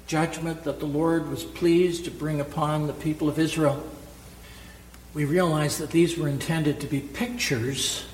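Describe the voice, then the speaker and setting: Emphatic preacher in an echoey hall. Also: male voice, on the high side, darkish tone, a little hiss or hum. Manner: emphatic, rhetorical questions, repeats key words. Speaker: pastor. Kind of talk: sermon. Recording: echoey hall with long reverb, faint ambience.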